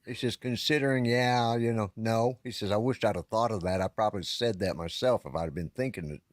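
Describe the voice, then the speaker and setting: A brisk man with a voice on the low side, recorded without room sound on a live-stream call setup, co-hosts a podcast. Middle-aged or older, he rambles through a long, casual story, halting and restarting as he goes.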